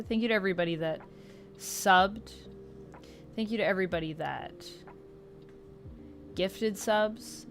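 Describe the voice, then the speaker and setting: A woman's voice: fairly low pitch, a little hiss or hum. A woman chatting casually on a livestream while she colors, reading out and thanking viewers. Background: faint background music.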